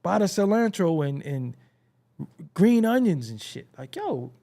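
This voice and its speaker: High-voiced and speaking at a measured pace with vocal fry, a man rants on his hip-hop commentary show. The tone is casual and comedic, heavy on profanity and laughter, with animated delivery and mocking imitations.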